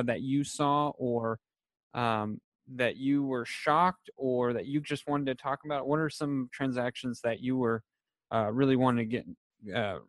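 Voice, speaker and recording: A man's voice: mid-range voice, no room sound, studio quality. A man hosting a casual sports talk show, upbeat, laughing often and speaking loosely with fillers.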